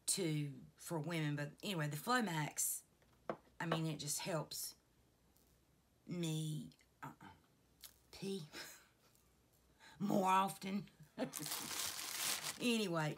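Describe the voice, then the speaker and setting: A woman chats to her viewers in a low, unhurried voice. Her tone carries a gravelly fry, and she drifts through her thoughts in a heartfelt, rambling way, laughing at herself as she goes. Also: a little hiss or hum. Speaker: vlogger. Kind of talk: casual chat to camera.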